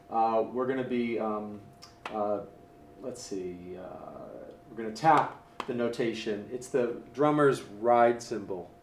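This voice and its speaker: Laid back guy teaching jazz piano, counting one two three four, mic kinda far off, faint tapping clicks behind. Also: medium pitch. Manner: easygoing, counts beats aloud and scat-sings syllables. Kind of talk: casual spoken instruction. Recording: roomy, distant mic, faint hiss.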